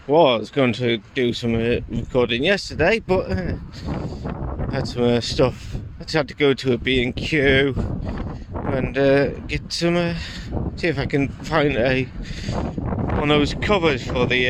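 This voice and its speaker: Man, casual vlogger, slow and rambling; phone mic outdoors with loud wind noise. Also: medium pitch. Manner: rambling, hesitant, many fillers. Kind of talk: casual vlog chat.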